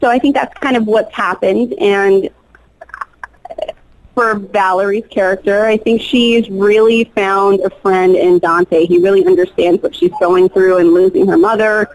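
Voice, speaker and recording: A woman's voice: mid-range voice, steady tone, measured pace, a little mellow, a little hiss or hum, low-quality recording. A young woman, a soap actress, chatting enthusiastically in an interview with frequent fillers and restarts. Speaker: soap opera actress, guest. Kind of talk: casual interview chat.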